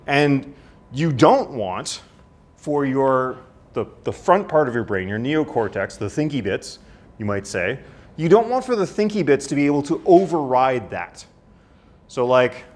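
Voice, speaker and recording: A man teaches a university class in an easygoing, conversational way, restarting sentences and checking in with his listeners. His voice sits in the middle of the male pitch range. Now and then he breaks into short, high, startled cries to act something out. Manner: conversational, with frequent "right?" and restarts; acts out voices with sudden high outbursts. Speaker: lecturer. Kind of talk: university lecture.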